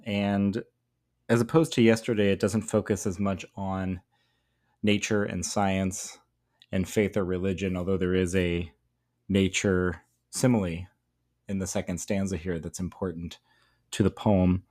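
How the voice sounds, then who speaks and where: A man with a very low voice gives a poetry lesson. He explains thoughtfully as he goes, pausing on fillers as he works through his ideas. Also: flat delivery, darkish tone. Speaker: teacher.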